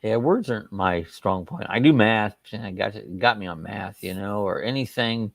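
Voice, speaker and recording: A man's voice: lowish voice, normal speed, vocal fry, no echo, studio quality. A middle-aged man hosting a casual livestream chat, reading out viewer comments in a folksy, rambling way with a loose, chuckling delivery. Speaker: livestream host.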